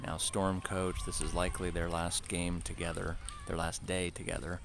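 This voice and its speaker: A man giving relaxed, chatty play-by-play commentary on a youth baseball game and mixing in side stories. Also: sits low, moderate pace, creaky, noisy background.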